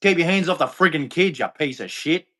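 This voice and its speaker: High-pitched, heated man ranting. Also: expressive, a little fast, fairly bright tone. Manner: heated, accusatory, repetitive, profane. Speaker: livestream host. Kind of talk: angry livestream rant.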